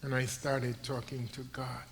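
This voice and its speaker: An older man preaching a sermon in a church, telling his story with slow, dramatic delivery that swings from hushed to loud. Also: mid-range voice, level tone, slight background noise. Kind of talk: sermon testimony. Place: church sanctuary.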